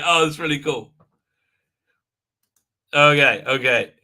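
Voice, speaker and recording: High bright animated man. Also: normal speed. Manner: animated storytelling, many fillers and repeats. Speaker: livestream host. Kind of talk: rambling live-stream chat.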